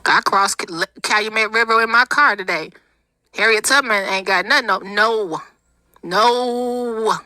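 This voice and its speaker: Sharp-voiced sarcastic woman streamer. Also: medium pitch, moderate pace, no echo. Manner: sarcastic, exasperated, laughing asides. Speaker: commentary channel host. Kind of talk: livestream commentary, reading comments.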